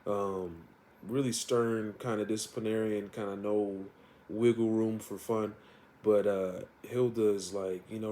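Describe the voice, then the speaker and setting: A man's voice: lowish voice, level tone, measured pace, dark tone, a little hiss or hum. Laid-back man rambling about a comic. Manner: rambling, with many fillers and laughs. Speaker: comic reviewer. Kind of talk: casual comic retelling.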